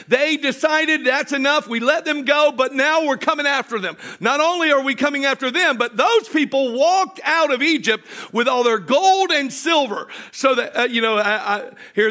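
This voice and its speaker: A man preaching a sermon, animated, swinging from shouted storytelling to hushed joking asides with his congregation. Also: extremely high pitch. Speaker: pastor.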